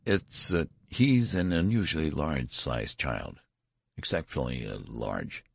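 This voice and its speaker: A man voicing a mortified, nervous father in a storybook reading, stammering and hurried. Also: a bass voice, lively intonation, gravelly, breathy edge, no echo, clean studio sound, exaggerated voice. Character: flustered, mortified middle-aged father.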